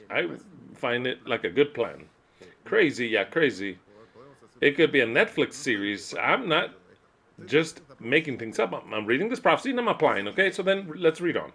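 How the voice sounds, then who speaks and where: A man interpreting a sermon aloud, emphatic, dropping to low muttering and then rising to loud outbursts. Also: very animated, normal speed. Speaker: interpreter voicing a preacher.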